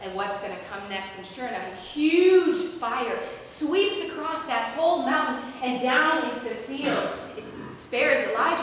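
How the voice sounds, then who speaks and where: High-voiced woman preaching in an echoey church. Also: measured pace, few pauses, distant mic, slight background noise. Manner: storytelling with lively acted-out quotes. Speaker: pastor. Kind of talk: sermon. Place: large church sanctuary. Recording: echoey church hall recorded from afar.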